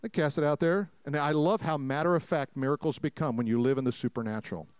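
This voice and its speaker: A pastor preaching a sermon to a congregation, telling stories with jokes and acted-out voices, swinging between loud preaching and quiet asides. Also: male voice, a little high, fast, clear, resonant tone, dry recording. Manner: folksy, jokey storytelling with acted-out quotes. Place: church sanctuary before a congregation.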